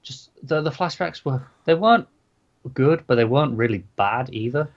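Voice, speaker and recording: A man chats through a TV review with dry, sarcastic remarks. His voice sits at a middle pitch. The audio is a little dull and lo-fi. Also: expressive, moderate pace. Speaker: podcast co-host reviewing TV. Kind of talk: casual review chat.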